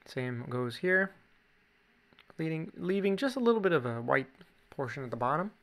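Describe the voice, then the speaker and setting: A man's voice: fairly high pitch, expressive, moderate pace, fairly bright tone. A man with a Canadian accent, chatting casually through a drawing tutorial with jokey asides. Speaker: drawing teacher.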